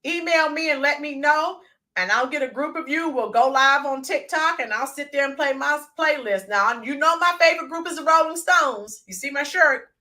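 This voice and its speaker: Woman, livestream host, casual chat, high pitch, bright tone. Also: moderate pace. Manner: chatty, reads out viewer names, bursts into sung snippets.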